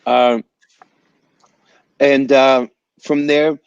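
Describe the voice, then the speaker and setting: A man being interviewed as a guest musician over a video call, telling animated stories in a loose, slangy way and calling people "man" and "bro". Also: medium pitch, extremely slow, gravelly, smooth, no room sound, dull audio. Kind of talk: casual storytelling interview. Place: home in Los Angeles area.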